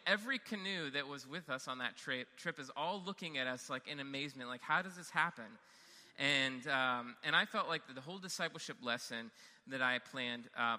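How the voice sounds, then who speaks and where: A young man telling a self-deprecating story in a lively way, with many fillers and restarts. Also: a little high, in a large hall. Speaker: camp counselor telling a story. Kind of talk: storytelling talk.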